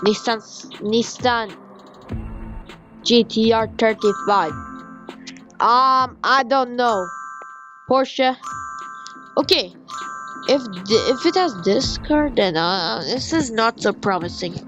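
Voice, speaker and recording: A woman's voice: on the high side, slow pace, pauses often, highs cut off. A young woman rambling through a casual review of phone games as she plays them. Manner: rambling, animated, talks while playing on her phone. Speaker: game reviewer. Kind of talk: casual game review commentary. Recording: music playing behind.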